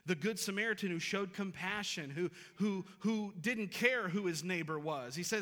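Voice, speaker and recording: Earnest and forceful, a pastor in his thirties drives his sermon home by repeating phrases. His somewhat high voice rings bright, animated, and moderately paced with hardly any pauses. A stage mic picks up the long reverb of the church sanctuary.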